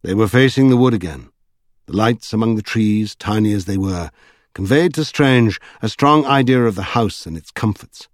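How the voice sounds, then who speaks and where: Here a lowish-voiced man narrates a novel for an audiobook, reading his script in a measured storytelling manner. The sound is dry and studio-clean.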